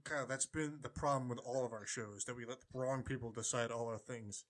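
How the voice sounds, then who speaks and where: A man's voice: mid-range voice, steady tone, fairly quick. A man hosting a casual sports podcast, talking loosely with plenty of fillers as he runs the beer reviews. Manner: rambling, easygoing, filler-heavy. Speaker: podcast host.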